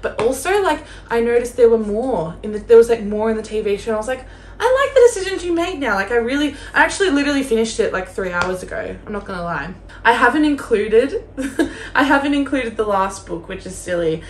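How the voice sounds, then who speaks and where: Young woman book vlogger, bright high voice, chatty and gushing, recorded in an echoey room with faint background noise. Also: lively intonation, fairly quick. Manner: gushing, chatty, heavy use of "like". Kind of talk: casual vlog chat.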